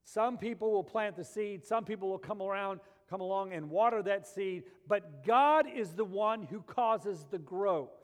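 A man preaches a sermon with a high voice, pressing hard on key lines and then falling to a hushed intensity. His words ring out with a long reverb tail, as in a large hall. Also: measured pace, few pauses. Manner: animated preaching, swings between loud emphasis and quiet intensity. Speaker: pastor.

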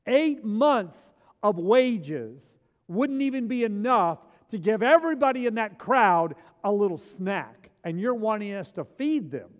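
A male preacher giving a sermon in a church, animated, repeating words as he acts out biblical scenes. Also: high voice, unhurried. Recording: long hall reverb.

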